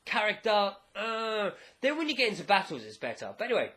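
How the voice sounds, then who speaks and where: A man from England giving a casual, excitable video review, swearing freely as he talks. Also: high voice, fairly quick. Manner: animated, excitable, casually profane. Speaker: anime reviewer.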